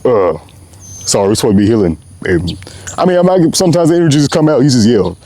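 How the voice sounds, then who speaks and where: A man's voice: mid-range voice, sing-song, fast, warm tone, dry recording. Young man, host, casual heartfelt monologue, rambling, slangy, dry close sound. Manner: passionate, rambling, slangy, often says "bro". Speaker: podcast host.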